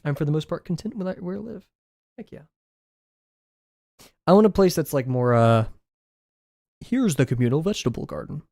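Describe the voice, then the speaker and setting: A young man streaming his drawing session, rambling casually with viewers, self-deprecating and quick to laugh. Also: a little high, big pitch swings, vocal fry, dark tone, no room sound, studio quality. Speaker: drawing livestreamer.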